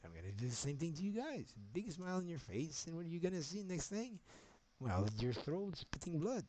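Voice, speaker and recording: A man's voice: fairly high pitch, sing-song, a little fast, background noise. A man streaming, talking in a rambling, agitated monologue with a lot of swearing.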